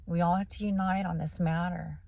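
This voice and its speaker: A woman's voice: fairly low pitch, steady tone, a little fast, vocal fry, a little mellow, dry recording. A woman vlogger delivering a blunt, preachy, profanity-laced ranting monologue. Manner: blunt, swears constantly, preachy.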